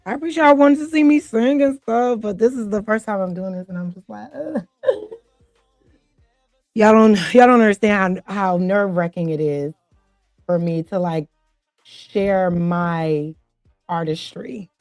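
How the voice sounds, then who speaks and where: A woman's voice: mid-range voice, measured pace, darkish tone, no room sound. Woman host talking to her live viewers, flustered and laughing, dry close sound, faint music behind. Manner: chatty, flustered, laughs often. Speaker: livestream host. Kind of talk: casual chat to a live audience.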